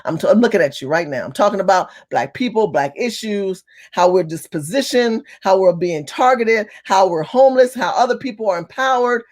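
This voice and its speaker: A woman telling a story to her camera in an animated, emphatic rant, with some cursing. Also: mid-range voice, brisk, hardly any pauses. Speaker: vlogger. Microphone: phone or camera facing her.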